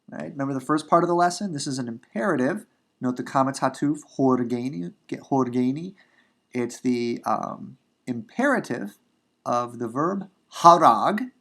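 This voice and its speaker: A male teacher walks through a grammar lecture at an unhurried pace, saying each example more than once in different words. His voice sits at an ordinary middle pitch, and his talk is full of small fillers and restarts. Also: gravelly, fairly bright tone. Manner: unhurried, repeats and rephrases for emphasis, many fillers.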